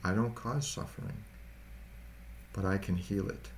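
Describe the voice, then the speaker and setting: A man voicing a gentle, calm Jesus, speaking slowly and softly to console mourners. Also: sits low, a little hiss or hum. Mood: consoling. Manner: slow, soft, consoling.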